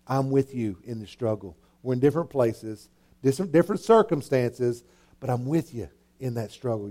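A man's voice: fairly high pitch, mellow. A man preaching a sermon, emphatic and repetitive, asking his listeners rhetorical questions. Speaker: pastor.

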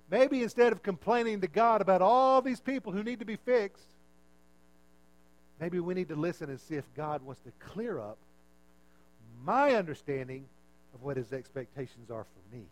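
A male pastor preaching a sermon in a conversational, self-mocking way, lowering his voice for asides and punchlines. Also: sing-song, normal speed.

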